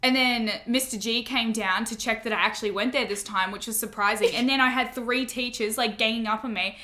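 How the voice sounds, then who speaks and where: A young woman with a bright, forceful voice, telling school stories in a loose, casual chat. Her voice sits a little high. She peppers her talk with fillers and swearing. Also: steady tone, a little fast. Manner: swearing, laughing, many fillers like "like". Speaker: podcast host.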